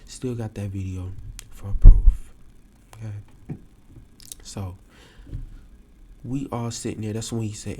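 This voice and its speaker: A young man hosting a podcast, telling a story casually to a live audience and acting out the quotes with sudden jumps in pitch. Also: steady tone, slow, long pauses, dark tone, a little hiss or hum. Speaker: podcast host.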